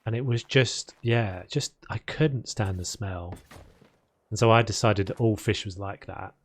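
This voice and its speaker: A man's voice: lowish voice, measured pace. A man streaming a video game, chatting casually and rambling between topics as he builds. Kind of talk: casual chat while playing.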